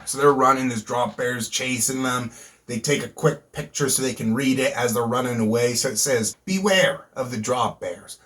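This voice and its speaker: A man's voice: medium pitch, a bit bright. A man hosting his own video, rambling casually and joking, with frequent swearing, recorded outdoors at night. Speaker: YouTube host. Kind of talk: casual vlog chat.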